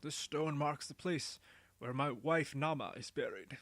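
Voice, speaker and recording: A weary, ancient storybook patriarch who tells old tales in a hushed, slow, solemn voice, as a man puts him on. The voice sits a little high for a man but stays gentle and heavy with age. The sound is close and dry. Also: no echo. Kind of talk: storybook character voice.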